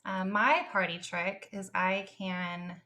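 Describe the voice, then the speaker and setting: A woman in her forties co-hosting a podcast in casual chat, upbeat and playful with quick asides. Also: mid-range voice, flat delivery, sharp tone. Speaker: podcast co-host.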